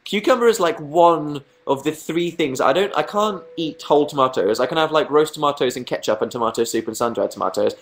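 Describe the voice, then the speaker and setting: A man's voice: medium pitch, lively intonation, brisk. A young man chatting casually on a livestream, rambling, mocking himself and reading viewers' comments aloud. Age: young adult. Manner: rambling, self-mocking, reads chat aloud. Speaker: livestream host.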